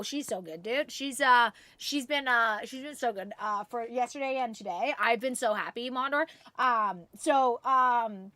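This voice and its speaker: A woman with a high, pushed, bright voice chats casually with viewers while streaming a video game, with no room sound. She giggles, swears freely and uses lots of fillers.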